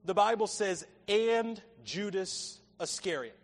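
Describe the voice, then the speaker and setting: High-voiced man preaching in a reverberant hall. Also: lively intonation, slow pace. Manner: preaching with rising emphasis and acted quotes. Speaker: pastor. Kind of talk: sermon. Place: church sanctuary. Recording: long reverb of a church hall.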